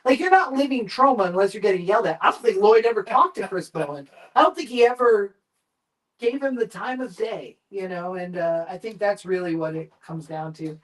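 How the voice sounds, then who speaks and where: A man guesting on a live chat show, telling long, animated and profane anecdotes about film work. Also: sits high, fairly quick, recorded from a distance, rough recording. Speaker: guest, makeup effects artist and director.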